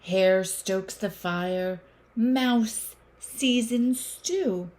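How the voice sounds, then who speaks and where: Slow, expressive woman reading a storybook. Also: medium pitch. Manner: slow, expressive, with gasps and exclamations. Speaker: teacher reading a picture book to children. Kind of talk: storybook read-aloud for young children.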